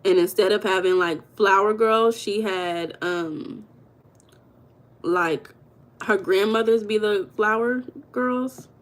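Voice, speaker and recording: A woman's voice: mid-range voice, slow. A woman hosting a live stream, chatting casually with her viewers and laughing often. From United States. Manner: chatty, talks to chat viewers, calls them baby and girl; laughs often while talking.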